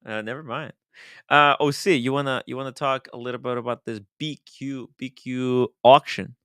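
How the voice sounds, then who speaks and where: A man hosting a casual livestream chat, animated and laughing often, sometimes trailing off into mumbles. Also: medium pitch, moderate pace, clear, resonant tone, no echo, studio quality. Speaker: host.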